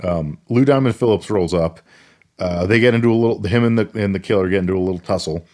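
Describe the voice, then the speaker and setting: A man's voice: low voice, quick pace, dark tone. A man co-hosting a casual podcast, walking through a film's plot in an easygoing way. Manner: easygoing plot narration with fillers. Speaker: podcast co-host. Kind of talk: casual movie recap chat.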